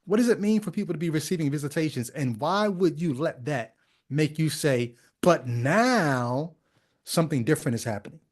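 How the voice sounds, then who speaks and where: A man's voice: fairly high pitch, normal speed. A man hosting a podcast, giving critical commentary on a video clip in a skeptical, conversational way full of rhetorical questions. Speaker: podcast host.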